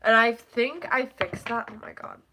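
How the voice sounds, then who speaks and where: A woman's voice: on the high side, moderate pace, noisy background. A teenage girl with a stuffy, congested nose, rambling casually on a live stream, full of "like" and casual swearing.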